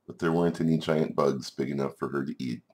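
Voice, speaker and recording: Super deep voiced guy telling a game story like a bedtime tale, playful. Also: steady tone, fast talker, darkish tone. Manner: playful, chuckling asides. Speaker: game video narrator. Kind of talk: storybook narration over gameplay.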